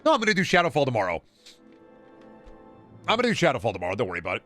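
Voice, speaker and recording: A man's voice: medium pitch, huge pitch swings, racing. A man streaming himself playing a game, rambling and joking sarcastically, swearing now and then. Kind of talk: casual gameplay commentary. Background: loud game music.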